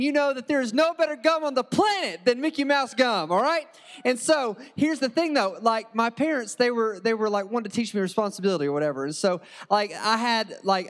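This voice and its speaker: A man's voice: high voice, big-room sound. A man preaching in a church, telling a joking childhood story in a loose, conversational way with many restarts. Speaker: pastor. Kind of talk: storytelling sermon.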